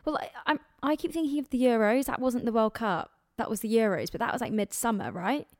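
Young woman, podcast co-host, lively chatter, slightly high voice, dry close sound. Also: fairly quick, no echo. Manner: chatty, exclaims and laughs a lot. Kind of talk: casual chat.

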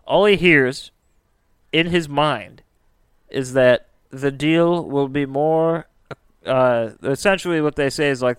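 A man's voice: on the high side, measured pace, clear, resonant tone, no echo. A man casually telling a spooky story as a podcast host, chatty and full of filler words.

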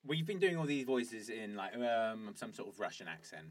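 A man's voice: fairly low pitch, very animated, normal speed, far from the mic. A man making wry, dry remarks in a casual chat about a video game.

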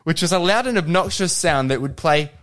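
A man's voice: fairly high pitch, expressive, fairly quick, fairly bright tone. A young Australian man co-hosting a podcast in casual, joking chat, swearing freely. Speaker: podcast co-host.

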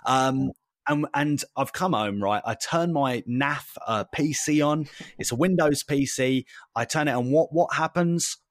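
A man's voice: mid-range voice, unhurried, dry recording, clean studio sound. Chatty British man telling a story. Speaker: podcast co-host. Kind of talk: casual podcast chat.

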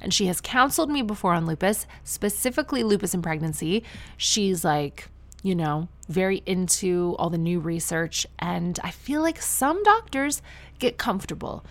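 A Canadian woman in her thirties chatting on her own in a relaxed monologue. Her voice sits fairly low with a gravelly, fried edge. Her humor is dry and self-mocking. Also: normal speed. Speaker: podcast host and new mother. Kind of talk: casual monologue.

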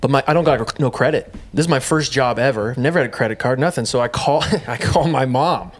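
A young man telling a comedic story in a casual, profane, animated way, laughing often. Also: mid-range voice, a little fast, few pauses.

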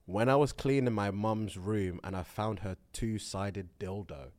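A man's voice: fairly low pitch, unhurried, slight background noise. A young man from co-hosting a podcast, reading listener submissions aloud in playful banter. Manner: reads lines aloud then laughs, lively and playful. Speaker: podcast co-host.

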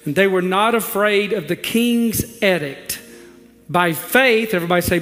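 A man's voice: sits high, moderate pace, fairly bright tone, big-room sound, soft background music. A male pastor preaching a sermon in a church, leading the congregation to repeat scripture and telling humorous stories with rising emphasis. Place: church sanctuary.

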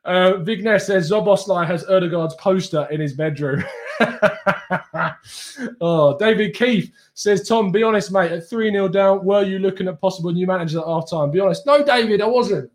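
A man's voice: high voice, moderate pace. A young man hosting a football live stream, reading viewer chat and bantering with them, laughing often.

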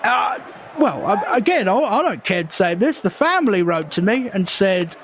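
Rambling high-voiced man, deadpan. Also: normal speed, slight background noise. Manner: rambling, hesitant, full of fillers. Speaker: improvised comedy guest. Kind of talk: deadpan improvised comedy character.

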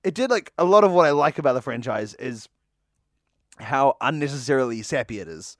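A man's voice: medium pitch, animated, fairly quick, a bit bright, no room sound, clean studio sound. A man co-hosting a casual movie podcast, joking and laughing often. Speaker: podcast co-host.

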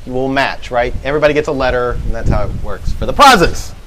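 A man's voice: medium pitch, fairly quick, a bit bright, slight background noise, rough recording. Laughing man telling a bawdy story. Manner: laughing storyteller, goofy asides. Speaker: podcast co-host. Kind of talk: casual live podcast chat. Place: live event venue.

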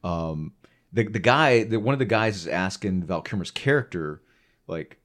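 A man's voice: fairly low pitch, normal speed, soft background music. A man co-hosting a casual podcast, enthusiastic and rambling, full of fillers. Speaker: podcast co-host.

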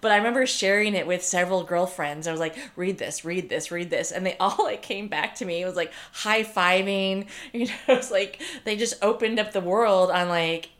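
A woman in frank, casual conversation who talks hesitantly, with many fillers and soft laughs. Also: mid-range voice, a little fast, hardly any pauses.

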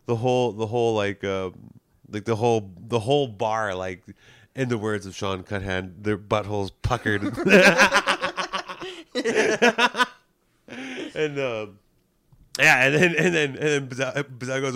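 A man's voice: medium pitch, lively intonation, takes it slowly, long pauses, bright, forceful tone, no echo, studio quality. Rambling, profane Canadian man telling stories. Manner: rambling, profane storytelling with frequent restarts and laughter. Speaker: comedian and podcast co-host. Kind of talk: casual chat.

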